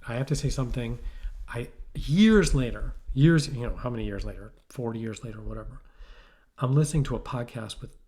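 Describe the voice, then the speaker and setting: Male co-host, casual, animated storyteller. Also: mid-range voice, fairly quick. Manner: animated storyteller, acts out quoted voices. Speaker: podcast co-host. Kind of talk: casual chat.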